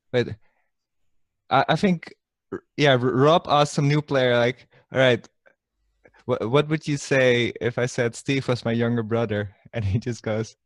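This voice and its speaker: A man chatting on a live stream, often breaking into laughter and tripping over his own restarts. His voice sits at an ordinary middle pitch. It sounds close and dry, with no room sound at all. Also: dry recording. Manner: laughs a lot, stumbles and restarts while telling stories. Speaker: streamer and mafia player. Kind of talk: casual chat on a live stream.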